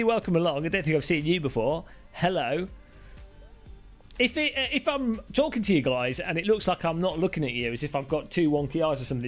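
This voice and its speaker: A man hosting a live stream, chatting casually in a jokey, rambling, self-deprecating way. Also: on the high side. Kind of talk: casual live-stream chat while sim racing.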